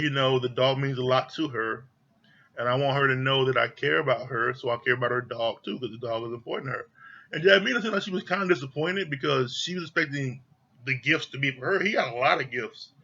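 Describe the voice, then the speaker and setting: Blunt ranting man, bright husky voice. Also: mid-range voice, highs cut off. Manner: blunt, exasperated, swears freely. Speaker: reality TV reviewer. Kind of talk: casual ranting review.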